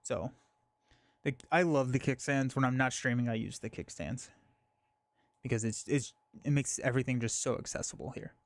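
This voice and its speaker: A man's voice: medium pitch, dry recording. Casual man thinking aloud, dry sound. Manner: thinks aloud, halting with fillers and restarts. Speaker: live stream host. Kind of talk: casual live-stream chat.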